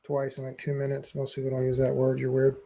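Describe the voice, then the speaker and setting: A man's voice: mid-range voice, completely flat delivery, quick pace, creaky, warm tone. A man from Texas co-hosting a casual political chat, dropping wry, teasing remarks. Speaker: co-host.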